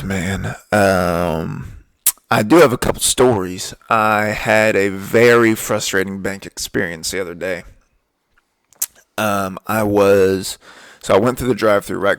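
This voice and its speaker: A man's voice: fairly low pitch, creaky, fairly bright tone, no room sound. A young man hosting a podcast, telling stories in a laid-back, profane, ranting way. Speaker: podcast host. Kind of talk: casual storytelling monologue.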